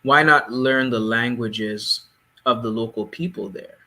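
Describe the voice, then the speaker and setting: A man co-hosting a casual panel discussion, speaking in a measured, explanatory way. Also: medium pitch, sharp tone. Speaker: podcast co-host.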